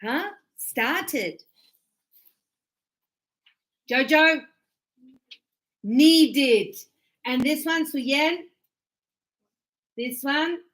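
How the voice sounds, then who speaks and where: A woman teaching an English grammar lesson to a class, animated and teasing, acting out her students' replies. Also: sits high, slow, long pauses.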